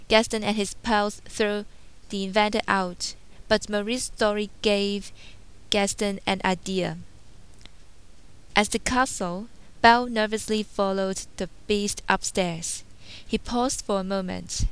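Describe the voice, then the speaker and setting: Woman storyteller reading a storybook aloud, slow and careful, smooth clear voice. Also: medium pitch, steady tone.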